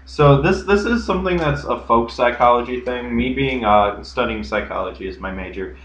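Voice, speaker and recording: A young podcast co-host rambles through stories in casual chat, full of fillers and restarts. His mid-range voice is fairly bright and moves at a moderate pace. The room is echoey, the sound dull and lo-fi, with slight background noise.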